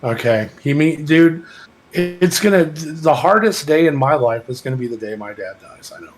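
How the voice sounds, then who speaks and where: A man's voice: a little high, expressive, moderate pace, a little hiss or hum, low-quality recording. A man with a Texas accent talking in a casual podcast chat, rambling, heartfelt and full of swearing. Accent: Texan. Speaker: podcast co-host.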